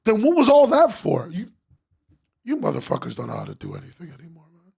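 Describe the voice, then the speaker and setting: A man's voice: high voice, wildly swooping pitch, fairly quick, vocal fry, a little mellow, slightly rough. A man hosting a webcomics podcast, ranting sarcastically as he critiques comic pages, swearing and laughing.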